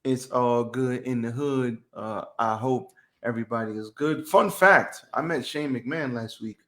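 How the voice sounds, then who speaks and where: This podcast co-host has a mid-range, slightly bright voice and speaks a little slowly. Recorded on camera in a home studio, he tells stories in a laid-back, slangy way during a casual chat.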